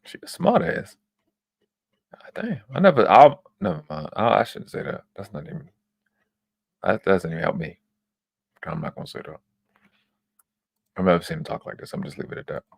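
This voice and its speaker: Gravelly, animated man reacting live. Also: low voice, fairly quick, long pauses, dry recording. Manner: profane, exclamatory. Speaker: livestream host.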